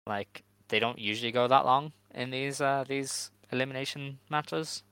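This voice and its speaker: A man hosting a casual podcast chat, talking in a relaxed, hedging way with lots of fillers. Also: mid-range voice, moderate pace, clear, resonant tone, dry recording, poor audio. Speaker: podcast host.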